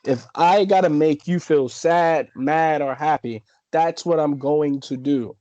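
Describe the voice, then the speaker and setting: A man's voice: on the high side, a little slow, dark tone, no echo. A man who is a professional wrestler, speaking as an interview guest in an emphatic, persuasive way and repeating his points. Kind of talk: casual interview chat. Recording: dry, dull lo-fi sound.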